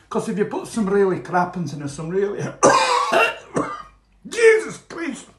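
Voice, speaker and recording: High-voiced, swearing man cooking. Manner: laughs often, swears freely, rambling and cheerful. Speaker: home cooking vlogger. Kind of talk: casual chatty cooking vlog. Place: home kitchen. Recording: roomy kitchen echo with faint noise.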